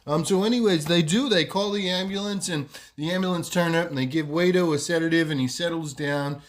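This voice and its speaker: A man's voice: a little high, fairly quick. A man hosting a podcast, telling a story casually and rambling with lots of fillers. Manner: rambling, many fillers and "you know". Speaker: podcast host.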